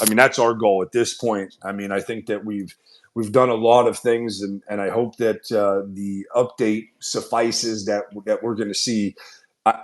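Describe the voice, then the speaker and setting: A man with a fairly low voice hosts a casual shareholder Q&A. He sounds earnest and upbeat, and his sentences run on in loose restarts as he answers questions. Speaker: company executive hosting a shareholder Q&A. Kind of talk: casual conference-call Q&A.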